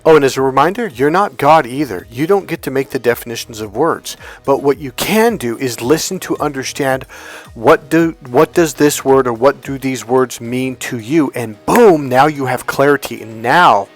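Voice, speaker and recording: A man with a mid-range, lively voice gives a blunt, profane motivational coaching monologue on dating and relationships at normal speed. He tells stories and acts out the voices in them, with faint music behind.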